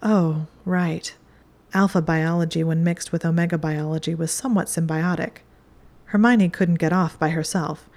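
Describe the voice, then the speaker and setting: A woman reading a chapter of fan fiction aloud in a calm, steady narration. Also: low-pitched, normal speed. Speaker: audiobook reader. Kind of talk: scripted narration.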